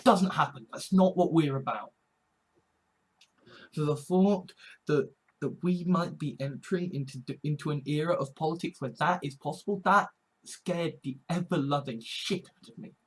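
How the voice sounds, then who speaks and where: A man from Britain, talking earnestly in a halting personal monologue, repeating words and swearing often. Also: on the high side, husky, low-quality recording. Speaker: vlogger. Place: home.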